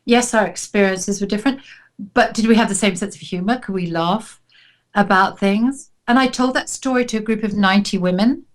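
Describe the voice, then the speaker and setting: A woman co-hosting a casual chat, telling stories in an animated way and laughing often. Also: medium pitch, a little fast. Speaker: co-host.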